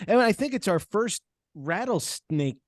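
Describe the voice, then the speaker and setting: A man's voice: high-pitched, animated, unhurried, dry recording, studio quality. A man hosting a podcast, wrapping up the interview with a casual, enthusiastic sign-off. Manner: warm enthusiastic sign-off, calls people brother. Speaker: podcast host. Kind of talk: casual chat.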